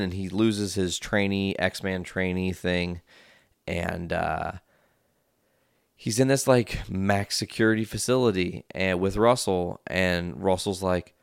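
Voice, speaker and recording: Man, deep and gravelly, smooth tone, loose and rambling, swearing through a movie recap. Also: fairly even intonation, slow pace, no room sound, clean studio sound. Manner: rambling, swears freely, lots of fillers. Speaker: movie reviewer.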